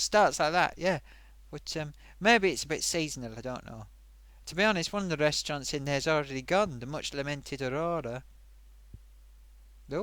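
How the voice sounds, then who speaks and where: Male live-stream host, higher voice, very lively pitch, rambling and self-amused, dry close sound. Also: dry recording. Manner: rambling, chatty, self-amused, many fillers. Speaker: live-stream host reading viewer comments. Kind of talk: casual live-stream chat.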